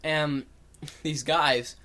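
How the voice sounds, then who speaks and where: A young man co-hosting a podcast tells a story in casual chat, rambling with plenty of fillers and animatedly acting out what people said. His fairly high voice has a sharp tone and fairly even intonation, and he speaks extremely slowly.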